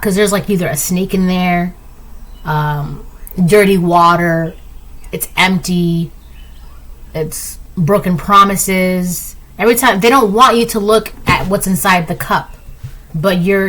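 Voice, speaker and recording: A woman's voice: fairly bright tone, rough recording. A woman giving a casual tarot reading, rambling and chatty, with lots of "like" and "right?". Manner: acts out quoted lines in a higher voice. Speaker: tarot reader.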